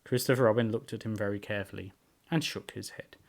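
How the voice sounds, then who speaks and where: A man, a book reviewer, narrating a storybook aloud in a lively, expressive way. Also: on the low side, fast, gravelly.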